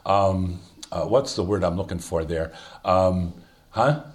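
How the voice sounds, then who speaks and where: A man's voice: sits low, slow pace. An older man leading an informal Bible study, thinking aloud with many fillers and restarts as he explains a passage. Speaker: Bible teacher.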